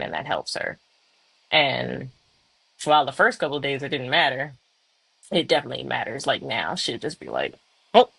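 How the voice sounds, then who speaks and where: Bright, gravelly woman chatting. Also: very deep voice, no room sound, poor audio. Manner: candid, rambling, many "like"s and little laughs. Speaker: podcast co-host, mother. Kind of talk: casual podcast chat.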